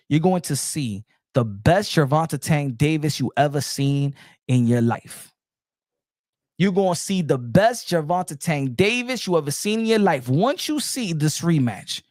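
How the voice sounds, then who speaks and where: A man's voice: on the high side, no echo, studio quality. A man hosting a boxing channel, giving hyped commentary and repeating his points. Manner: hype-driven, repeats phrases.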